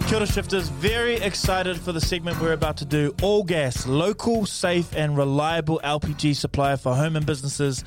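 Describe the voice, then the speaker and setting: A man with a New Zealand accent co-hosting a casual show, laid-back and quick to laugh, often tagging lines with "eh". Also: a little high, music in the background. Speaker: podcast co-host. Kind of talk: casual banter.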